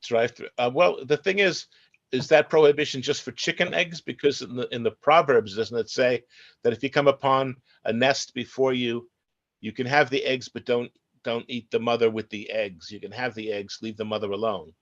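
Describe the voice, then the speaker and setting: A man's voice: mid-range voice, steady tone, normal speed, a bit bright, highs cut off. A man, an elder in the congregation, chiming in to the discussion with brief, agreeable remarks. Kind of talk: casual discussion.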